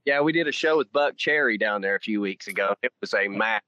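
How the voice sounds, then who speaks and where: A man's voice: on the low side, expressive, a little fast, background noise. A man with a Southern American accent, a musician guest telling folksy, laughing stories in casual podcast chat.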